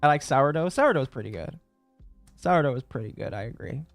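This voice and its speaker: Man, late 20s, streamer, rambling casual chat, fairly high voice, faint background music. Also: lively intonation, a little fast, dry recording. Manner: rambling, self-correcting, chuckling.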